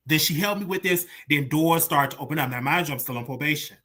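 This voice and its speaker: Bright-voiced host in their thirties, emotional. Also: medium pitch, fast talker. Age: 30s. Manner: emotional, repetitive retelling, voice swings from hushed to loud. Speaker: show host. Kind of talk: personal storytelling monologue.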